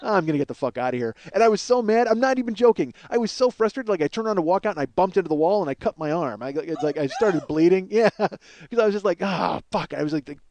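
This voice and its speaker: A man's voice: sits high, fast talker, darkish tone. A man in his forties hosting a comedy podcast, telling a story in a profane, ranting, exasperated way. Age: 40s. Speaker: podcast host.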